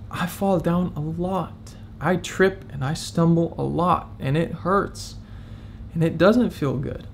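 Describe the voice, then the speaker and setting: Gravelly-voiced young man, candid and emotional. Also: on the high side, a little hiss or hum. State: close to tears. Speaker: vlogger. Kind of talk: confessional vlog.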